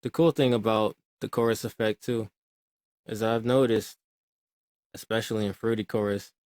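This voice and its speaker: A man explaining music production in a calm, measured tutorial voice. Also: fairly low pitch, no echo. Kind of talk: screen-recorded tutorial.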